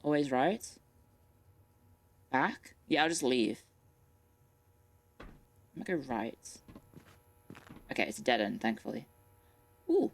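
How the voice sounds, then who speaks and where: A woman's voice: rumbling low, animated, slow, gravelly, long pauses. A young woman streams a puzzle game from her bedroom, chatting nervously with viewers. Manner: chatty, nervous, repeats herself when spooked. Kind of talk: live game stream commentary. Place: bedroom at home. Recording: faint music in background.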